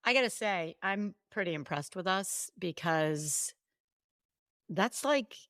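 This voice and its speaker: A woman's voice: on the low side, no room sound. Chatty woman host, dry close sound. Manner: animated storyteller, quick asides and restarts. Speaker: podcast co-host and coach. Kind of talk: casual podcast chat.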